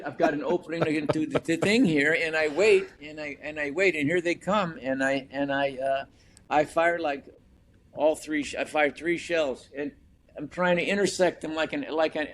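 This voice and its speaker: A man from Colorado, a guest novelist, telling a hunting story on a podcast in an animated, laughing way with many restarts. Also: fairly high pitch, a little hiss or hum.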